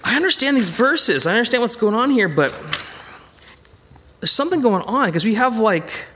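A man's voice: extremely high pitch, moderate pace, slight background noise. A man leading an informal Bible study, talking it through conversationally with frequent restarts and emphatic bursts. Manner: animated and emphatic. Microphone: presentation with slides.

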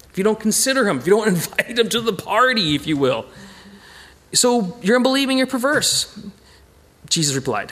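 A man leading an informal Bible study, talking it through conversationally with frequent restarts and emphatic bursts. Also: high voice. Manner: animated and emphatic. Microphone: presentation with slides.

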